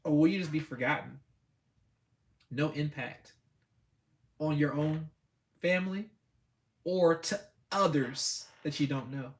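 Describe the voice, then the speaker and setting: A man's voice: fairly high pitch, slow pace, pauses often. A man giving a blunt, preachy motivational talk with speech, repeating himself for emphasis. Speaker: host.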